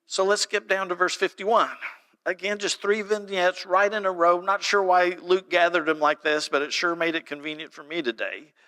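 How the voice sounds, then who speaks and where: A man preaching a sermon in a church, telling stories and reading scripture aloud with animated delivery. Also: high-pitched, normal speed. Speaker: pastor. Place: church sanctuary.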